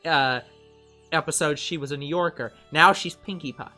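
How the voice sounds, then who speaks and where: Man, visual novel narration, lively jokey banter, sharp bright tone, faint music. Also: a little high, normal speed. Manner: lively, joking, animated laughing outbursts. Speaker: host reading a visual novel. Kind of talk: let's play narration and banter.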